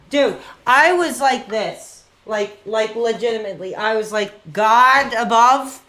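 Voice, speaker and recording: A man in his forties chatting casually on a live stream while gaming, excitable and rambling, quick to get worked up. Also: extremely high pitch.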